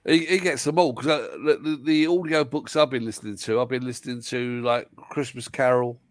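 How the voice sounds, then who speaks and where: A man's voice: mid-range voice, steady tone, fairly quick, no room sound. Cockney-voiced man chatting on stream. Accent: London English. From London, England. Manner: rambling, repeats words, swears freely. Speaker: live stream co-host. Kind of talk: casual chat.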